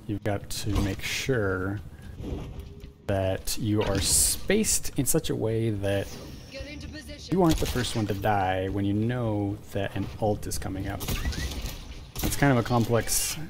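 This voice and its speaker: A man's voice: fairly low pitch, a little slow. A man streaming a live game, chatting casually and thinking aloud with muttered asides. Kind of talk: live gameplay commentary. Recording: loud music behind the voice.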